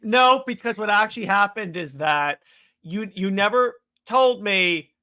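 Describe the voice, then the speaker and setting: A man's voice: high-pitched, expressive, unhurried, bright, forceful tone, smooth. A man hosting a casual live stream, teasing and needling his co-host playfully.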